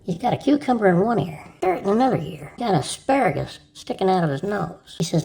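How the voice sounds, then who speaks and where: A woman telling jokes in a casual way, with a gravelly voice, often breaking into laughter. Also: mid-range voice, animated, brisk, dark tone. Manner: breaks into laughter mid-joke. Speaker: joke teller.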